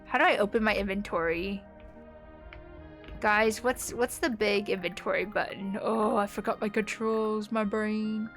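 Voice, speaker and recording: A woman's voice: medium pitch, steady tone, measured pace, fairly bright tone, soft background music. A young woman from the United States with a neutral American accent, chatting casually with viewers while she plays a game, rambling with lots of fillers. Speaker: streamer.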